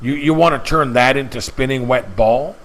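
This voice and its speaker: A man's voice: medium pitch, normal speed, a bit bright, poor audio. A man preaching emphatically in a casual monologue, often stumbling and repeating words as he presses his point. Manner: emphatic, repetitive, stumbles and restarts. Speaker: channel host.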